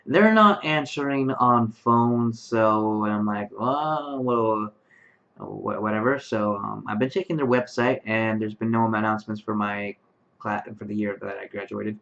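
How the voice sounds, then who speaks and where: A sleepy man in his late twenties rambles to his webcam from his bedroom, full of ums and restarts. His voice sits fairly low. The built-in webcam mic makes it sound muffled and lo-fi. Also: normal speed, gravelly, fairly bright tone. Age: late 20s. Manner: rambling, many fillers and restarts. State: tired, yawning late at night. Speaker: vlogger. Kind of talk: casual talk to camera. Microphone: webcam microphone.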